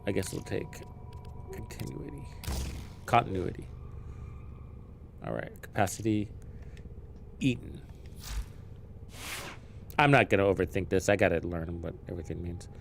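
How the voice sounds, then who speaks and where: A man live-streaming a game, chatting casually, thinking out loud and swearing freely as he learns the menus. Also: deep voice, moderate pace, gravelly, long pauses, slight background noise.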